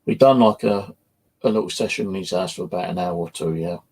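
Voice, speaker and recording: Speaking briskly in a low, slightly mellow voice, a man from England tells a first-person ghost story. He hosts a channel and investigates the paranormal, and his telling wanders, loaded with "you know" fillers and curse words.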